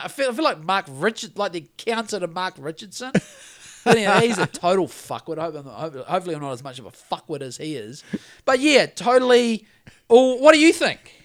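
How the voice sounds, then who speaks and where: A man's voice: sits high, a bit bright. A man with a New Zealand accent, co-hosting a podcast in a heated, profane rant. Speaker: podcast co-host.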